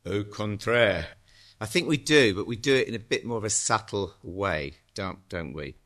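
A man in his sixties giving a church exhortation as a lay preacher, halting and chatty with many ums and uhs. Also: lowish voice, expressive, fairly bright tone. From England.

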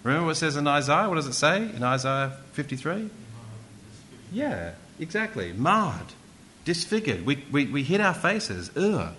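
A man's voice: on the high side, big pitch swings, moderate pace, bright, forceful tone, a little hiss or hum. A male preacher giving an interactive sermon, often asking the congregation questions and repeating words for emphasis.

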